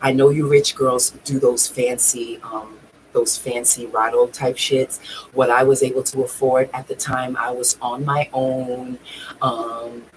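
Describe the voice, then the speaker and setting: A woman's voice: rumbling low, flat delivery, a little slow, a little hiss or hum, poor audio. A woman vlogging, telling a personal story in a raw, emotional way, swearing freely and near tears at times. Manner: raw, profane, tearful at times.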